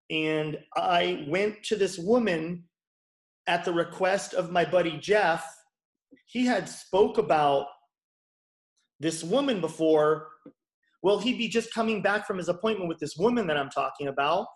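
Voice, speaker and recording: Candid man in his forties, roomy echo. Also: on the high side. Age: 40s. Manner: frank, swears casually. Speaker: guest, chiropractor and bodyworker. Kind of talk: candid storytelling interview.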